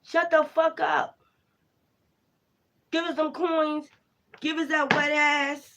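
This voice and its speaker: A contemptuous, ancient male spirit, put on by a tarot reader, drawling its words slowly with open disdain. The voice rides high and thin above the reader's usual register. It sounds hostile and utterly uncaring. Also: little pitch movement, bright, forceful tone, exaggerated voice. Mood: dismissive. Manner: slow, sneering, dismissive.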